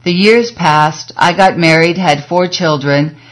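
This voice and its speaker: A woman narrating an audiobook in a measured, scripted reading that slows for emphasis. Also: on the low side.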